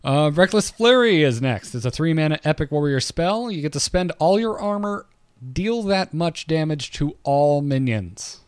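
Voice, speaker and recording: A man's voice: on the high side, clear, resonant tone, no echo, studio quality. Man reading out card text on a podcast. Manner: reads card text in an even, measured way. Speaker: podcast host. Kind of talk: casual card game discussion.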